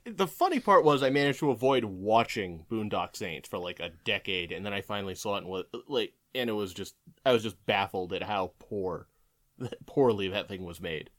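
A man's voice: lowish voice, lively intonation, normal speed, a bit bright. A man in his forties in casual podcast chat, rambling and profane, with lots of "like".

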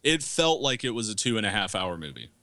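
A man's voice: fairly low pitch, big pitch swings, fairly quick, pushed and bright, no echo. A man co-hosting a movie podcast, giving blunt, profane opinions in casual chat. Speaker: podcast co-host.

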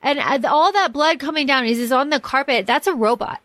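A woman hosting a podcast, talking casually in an animated, profane way, with lots of fillers and restarts. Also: high-pitched, a little fast, dry recording. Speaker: podcast host. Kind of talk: casual chat.

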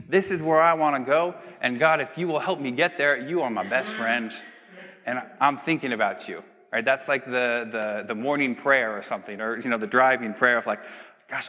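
A young male pastor talking through a sermon in a loose, chatty way, with a bright, forceful voice. He keeps checking in with the listeners and acts out small everyday scenes. The sound rings with the long reverb of a large hall. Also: mid-range voice. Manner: conversational, tag questions, acts out little scenes.

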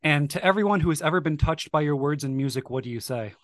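A man hosting a podcast, asking prepared interview questions in a measured way and reading a closing outro. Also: fairly high pitch, dry recording, studio quality. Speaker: podcast host.

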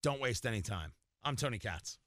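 A man's voice: medium pitch, lively intonation, normal speed, a bit bright, no echo, clean studio sound. A man hosting a talk radio show, delivering sarcastic, mocking political commentary.

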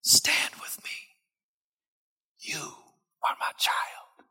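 A man voicing God as a loving male deity, speaking in an unvoiced hush. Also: extremely slow, in a whisper, full character voice. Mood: tender.

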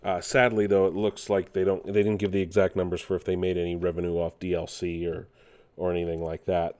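A man's voice: low-pitched, flat delivery, a little fast, darkish tone. Rambling man chatting gaming news. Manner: rambling, with frequent fillers and self-corrections. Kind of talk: casual news commentary.

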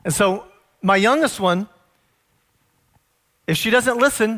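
Middle-aged male pastor, higher register, earnest storytelling sermon delivery. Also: animated, a bit bright. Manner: earnest, storytelling preacher, slows to stress points.

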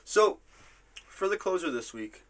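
A man hosting a casual podcast, retelling scenes in a rambling, profane, animated way. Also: high-pitched, measured pace. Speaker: podcast host.

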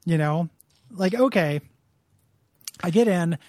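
A man's voice: sits high, takes it slowly, darkish tone, no echo. A man co-hosting a podcast, chatting casually as he recaps a video game, rambling and acting out the characters' lines. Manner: rambling, laughs while telling, acts out characters' lines. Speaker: podcast co-host.

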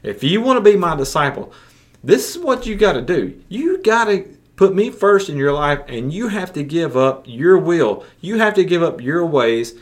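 A man's voice: on the high side, very animated, moderate pace, pitched above the performer's own voice. A man voicing Jesus as an earnest, plain-spoken teacher calling for full commitment. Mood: urgent. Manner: plain-spoken, direct, folksy.

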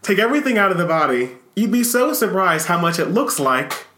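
A high, bright male voice that rings in a roomy, echoing space. He is a podcast guest sharing his story, earnest and thoughtful, stopping to pause and repeat words as he thinks. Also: big pitch swings. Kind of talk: reflective storytelling. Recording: roomy echo.

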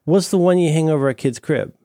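A man's voice: on the high side, fast, warm tone, no room sound, studio quality. A man co-hosting a casual podcast, playful and jokey, rambling through his thoughts. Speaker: podcast co-host. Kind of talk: casual chat.

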